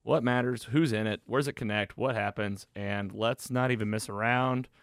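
A man's voice: lowish voice, steady tone, normal speed, vocal fry, dry recording, clean studio sound. A man hosting a podcast, casually recapping a movie plot with enthusiasm and lots of fillers. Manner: enthusiastic, rambling with fillers and restarts. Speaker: podcast host reviewing a film.

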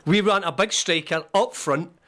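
A man's voice: high-pitched, normal speed, a bit bright. Jokey Scottish man on sports radio. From Scotland. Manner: jokey, laughing, banters at guest. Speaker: radio show co-host, former footballer. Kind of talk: casual sports radio chat.

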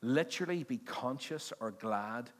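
A man's voice: medium pitch, lively intonation, unhurried. Man giving a chatty, joking sermon. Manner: conversational, joking, quizzing the congregation. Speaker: pastor. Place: church service before a congregation.

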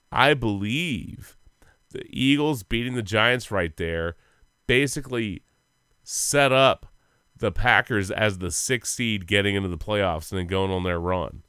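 Low, smooth-voiced man in casual sports chat. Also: measured pace, no room sound, clean studio sound. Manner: profane, rambling, animated. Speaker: podcast co-host.

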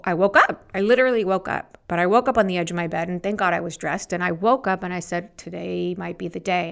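Gravelly-voiced woman telling her story. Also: fairly low pitch. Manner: animated, acts out quoted voices. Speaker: guest. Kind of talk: storytelling interview.

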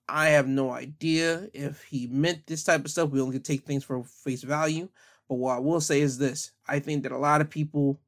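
A man giving casual commentary on the news, talking conversationally with frequent fillers. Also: a little high.

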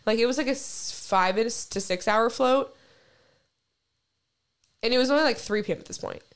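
A woman's voice: on the high side, normal speed, clear, resonant tone. Young woman, podcast co-host, casual rambling storytelling, swears a lot, says like constantly. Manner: rambling, heavy use of "like", profane.

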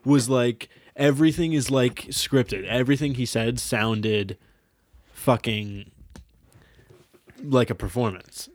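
A man's voice: medium pitch, slow, long pauses, dry recording. A young man hosting a podcast, telling a rambling story in casual chat, swearing often and filling with "like" and "um". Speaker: podcast host.

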